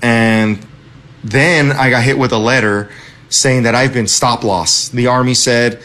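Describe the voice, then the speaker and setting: A man's voice: mid-range voice, steady tone, a little slow, fairly bright tone. A man from California, an Army veteran, telling his own war story in a conversational way, restarting phrases now and then. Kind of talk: personal storytelling.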